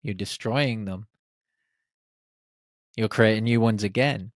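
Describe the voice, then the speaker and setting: A man hosting a reflective solo podcast, speaking in short, unhurried phrases. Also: on the low side, steady tone, dry recording, clean studio sound. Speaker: podcast host.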